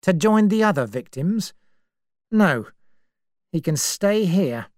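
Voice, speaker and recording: A woman's voice: lowish voice, expressive, darkish tone, dry recording, clean studio sound, pitched above the performer's own voice. Woman doing a cold, dangerous man. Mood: menacing. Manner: slow, dangerous.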